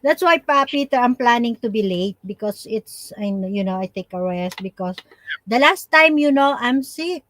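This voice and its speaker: A middle-aged woman from the Philippines with a Filipino accent, hosting a casual live-stream chat in halting English full of restarts and fillers. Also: on the high side, expressive, a bit bright, no room sound.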